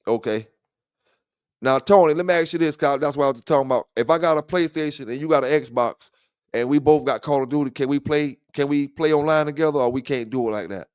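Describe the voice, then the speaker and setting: A man's voice: fairly high pitch, quick pace, darkish tone, clear, resonant tone, no echo, clean studio sound. A man hosting a livestream dog talk show, chatting loosely with viewers in profane trash talk and laughing often. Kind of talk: casual livestream chat.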